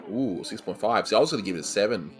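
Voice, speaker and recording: A man's voice: on the low side, animated, quick pace, faint music behind. A man with an Australian accent, chatting casually as a co-host reviewing old cartoons, laughing often between fillers. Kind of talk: casual chat.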